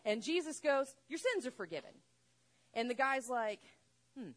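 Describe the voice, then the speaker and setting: Woman preaching, animated storyteller. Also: high-pitched, normal speed. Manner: animated, acts out voices in the story. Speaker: pastor. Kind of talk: sermon storytelling.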